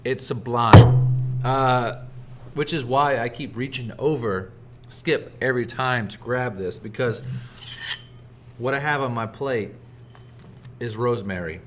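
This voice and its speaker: A man chatting casually as a podcast guest, calmly ranking what he ate. His voice is at a middle pitch. A faint background noise hums underneath. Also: measured pace, pauses often. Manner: relaxed, ranking foods one by one. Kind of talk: casual chat. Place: restaurant.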